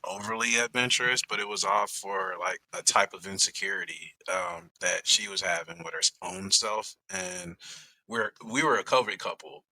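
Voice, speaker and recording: A man guest on a podcast, talking in relaxed slangy casual chat with halting restarts. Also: lowish voice, no room sound, rough recording.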